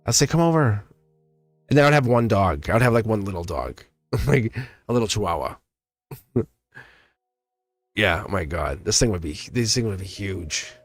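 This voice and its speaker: A man's voice: lowish voice, expressive, moderate pace, long pauses, no echo, clean studio sound, faint music behind. A man giving a casual live-stream tarot reading. He rambles, laughs often, and chats directly with his viewers. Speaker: tarot reader.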